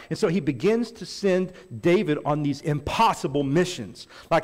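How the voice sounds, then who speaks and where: High-voiced animated male pastor. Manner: animated, acts out the characters' lines in quick asides. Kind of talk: sermon storytelling. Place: church stage.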